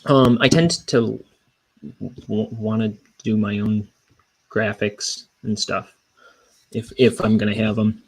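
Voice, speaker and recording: A man's voice: on the low side, steady tone, slow, pauses often, husky, low-quality recording. A young man chatting casually on a livestream, rambling and self-deprecating, with hesitant restarts. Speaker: cartoonist streamer.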